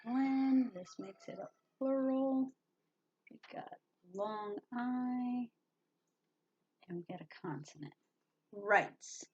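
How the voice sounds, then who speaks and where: Woman teacher, slow and patient, spells words letter by letter, slightly dull lo-fi sound. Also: on the high side. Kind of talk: slow reading lesson for young children.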